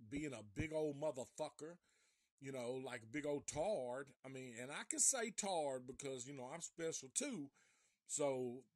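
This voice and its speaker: Guy, slow-talking and fairly high, cursing a lot, rambling film recap, dry sound. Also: husky, dry recording. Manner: profane, rambling, with many restarts. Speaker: film reviewer. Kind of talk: casual live film recap.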